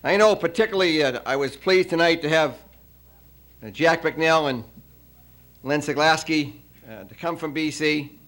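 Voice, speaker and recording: A man giving a farewell after-dinner speech, telling a long joke with frequent pauses and fillers. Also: fairly high pitch, fairly bright tone. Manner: storytelling, halting with many uh fillers.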